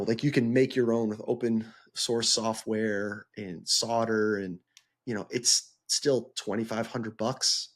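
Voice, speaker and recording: A man co-hosting a casual podcast, talking in a loose, rambling way as he gathers his thoughts. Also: medium pitch. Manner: rambling, many fillers and restarts. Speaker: podcast co-host.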